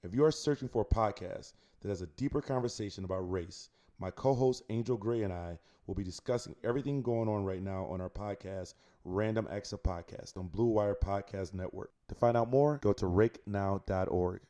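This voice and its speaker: A man's voice: on the low side, fairly quick, warm tone. A man who founded a nonprofit, reading an earnest scripted promo for a podcast.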